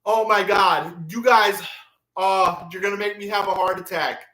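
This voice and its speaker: High-voiced gushing man, echoey room. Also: fairly even intonation, moderate pace, bright, forceful tone. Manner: effusive, gushing, sing-song. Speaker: channel owner thanking subscribers. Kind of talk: emotional livestream chat.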